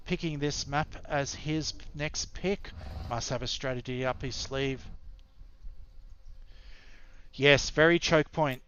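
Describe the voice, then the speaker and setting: An Australian man commentates a strategy game match in an easygoing, rambling way, pausing often with fillers. He speaks at a mid pitch, and his voice comes through a dull, lo-fi microphone. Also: a bit bright, slight background noise. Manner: rambling, halting, with many fillers. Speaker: esports caster.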